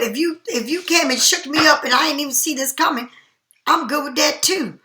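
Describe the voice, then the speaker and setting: Chatty high-voiced tarot reader woman. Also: moderate pace, reverberant. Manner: chatty, animated, slangy. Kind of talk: casual tarot reading.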